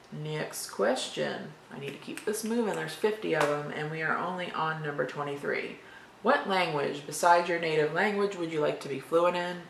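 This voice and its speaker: Chatty woman with a gravelly voice. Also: deep voice, a bit bright. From Florida, USA. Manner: chatty, rambling, matter-of-fact. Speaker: vlogger answering tag questions. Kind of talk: casual chat reading questions aloud. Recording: echoey room with faint background noise.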